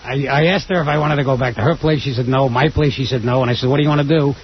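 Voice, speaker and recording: A man's voice: mid-range voice, fairly even intonation, racing. A man, a comedian guest on a radio talk show, telling stories animatedly and putting on voices. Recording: dull lo-fi radio broadcast with faint hiss.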